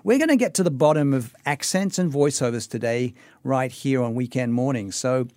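A man's voice: medium pitch, normal speed, darkish tone, dry recording. Australian male host, upbeat, chatty, dry studio sound. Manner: upbeat, chatty, laughs often. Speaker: radio host. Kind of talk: radio talk show interview.

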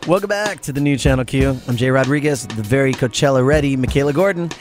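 A man's voice: mid-range voice, fast, music in the background. A man hosting a morning radio show, chatting energetically and telling stories. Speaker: radio host. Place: radio studio.

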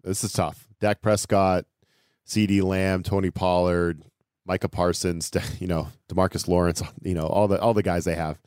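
A man co-hosting a casual sports podcast, talking in an animated way with repeated phrases and laughing asides. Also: low voice, moderate pace, smooth, no echo, studio quality. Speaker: podcast co-host.

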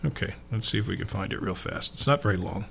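A man's voice: fairly low pitch, quick pace, gravelly, a bit bright, slight background noise. A male radio sports show host, chatting loosely with lots of fillers. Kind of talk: casual radio chat.

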